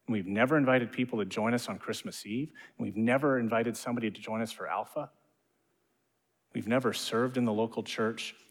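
A male pastor giving a sermon, swinging between quiet hushed passages and loud, rising climaxes. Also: mid-range voice. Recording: long reverb of a large hall.

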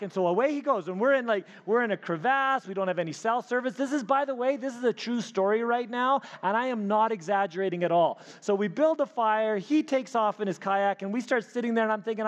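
A man preaching a sermon, telling a personal story with animated delivery and frequent restarts. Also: high-pitched, a little fast, hardly any pauses. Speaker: pastor. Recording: hall reverb.

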